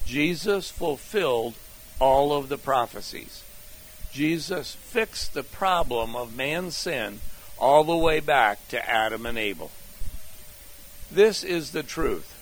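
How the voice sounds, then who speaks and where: Older man, pastor, sermon, slow and deliberate, medium pitch, outline points. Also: lively intonation, poor audio.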